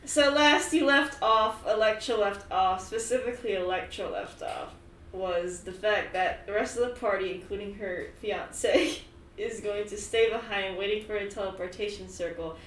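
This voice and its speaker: A woman's voice: medium pitch, moderate pace. Brief: young woman game master, casual and sweary, roomy far-off mic with faint room noise. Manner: laughs often, swears freely, bursts into loud yelps. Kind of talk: casual chat and tabletop game narration. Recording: roomy, distant mic, faint background ambience.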